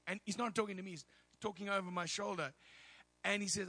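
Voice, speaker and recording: A male preacher telling a story in a sermon, animated and laughing, with loud bursts of prayer. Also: sits high, a little fast, slightly rough.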